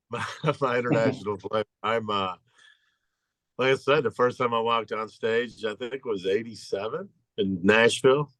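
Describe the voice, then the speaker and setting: A man's voice: fairly low pitch, moderate pace, fairly bright tone, dry recording. A man in his fifties from Louisville, a stand-up comedian telling rambling, laid-back stories as a guest on a video call. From Louisville, Kentucky. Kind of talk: casual chat over a video call.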